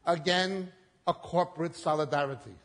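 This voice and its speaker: A man preaching a sermon, swinging between loud emphatic peaks and low quiet drops, acting out the quoted lines. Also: moderate pace. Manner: dramatic swings in pitch and loudness, acting out quotes. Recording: long hall reverb.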